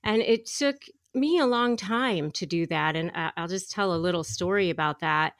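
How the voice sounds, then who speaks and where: A woman's voice: on the low side, normal speed, no echo, studio quality. A middle-aged woman, a guest attorney, telling a story with animation in a podcast interview. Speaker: guest, divorce attorney and negotiator.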